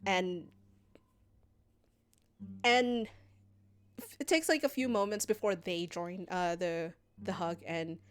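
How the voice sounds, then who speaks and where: A woman streamer, game master, narrating a tabletop game on a live stream, halting with many fillers. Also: fairly low pitch, clean tone.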